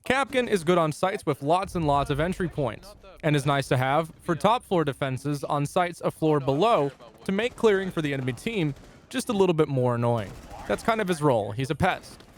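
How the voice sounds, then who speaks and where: Brief: young male gaming guide narrator, slightly high voice, deadpan jokes dropped into the walkthrough. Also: normal speed. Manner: dry, jokey asides. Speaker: gaming YouTuber. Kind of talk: scripted game guide narration.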